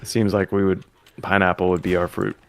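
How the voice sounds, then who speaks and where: A man's voice: sits low, little pitch movement, fairly quick. A man chatting casually with friends over voice chat while gaming, joking and quoting scripture and movie lines. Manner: joking, quotes scripture and films. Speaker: gamer. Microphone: headset or desk mic.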